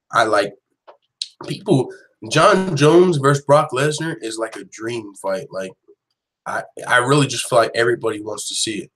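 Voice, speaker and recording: A man hosting an online show, giving casual, profane, animated commentary full of quick restarts. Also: mid-range voice, low-quality recording. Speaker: host of an MMA news channel.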